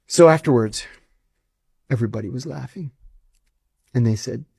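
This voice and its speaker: Gravelly male ex-intelligence officer, emphatic, indignant interview storyteller, dry close sound. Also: medium pitch, moderate pace, darkish tone, no room sound.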